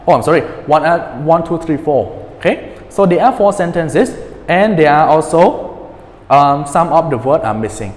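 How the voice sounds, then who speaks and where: A man's voice: on the high side, animated. A male teacher in a pronunciation lesson, patiently repeating words and checking in with his students. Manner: patient, repeats words slowly, many fillers and checks like "okay?". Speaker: English teacher. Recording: echoey room with long reverb.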